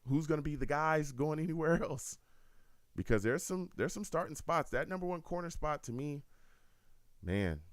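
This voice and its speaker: Man, sports call-in host, lively swinging pitch, dry close sound, emphatic delivery. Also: no room sound. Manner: animated, emphatic. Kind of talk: live call-in sports talk stream.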